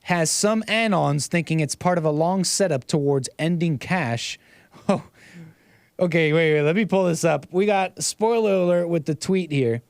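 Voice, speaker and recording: A man's voice: on the high side, moderate pace, vocal fry, clean tone, no echo, studio quality. A man hosting a casual livestream, reading viewer messages and rambling sarcastically with frequent restarts. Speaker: livestream host.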